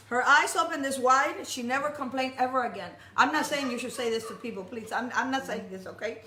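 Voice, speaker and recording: High bright woman preaching in echoey hall. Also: moderate pace, slight background noise. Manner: animated, jokey storyteller with many restarts. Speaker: speaker at a congregation. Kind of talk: storytelling sermon. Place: worship hall.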